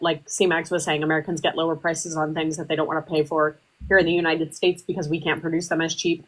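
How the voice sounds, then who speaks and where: A woman's voice: on the low side, rough recording. Woman rambling through a debate. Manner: rambling with many fillers. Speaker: livestream host. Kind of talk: casual political debate.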